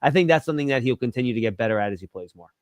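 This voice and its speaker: A man appearing as a guest football analyst, answering in a measured, analytical way. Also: mid-range voice, lively intonation, no echo, clean studio sound. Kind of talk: interview answers.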